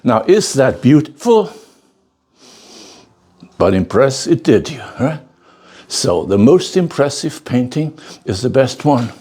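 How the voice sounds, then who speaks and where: This older man speaks slowly, with long pauses, yet sounds very animated as he lectures his bonsai class. His voice is medium in pitch, husky and darkish. Telling a story with emphasis, he frequently restarts, repeats words and asks the audience "okay?"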